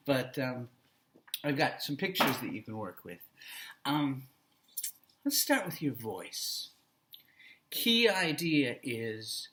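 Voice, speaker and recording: A man lecturing student teachers in a deliberate, expressive way, sometimes dropping to a soft voice. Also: fairly high pitch. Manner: slow, deliberate and expressive, drops to a soft voice at times. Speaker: teacher trainer.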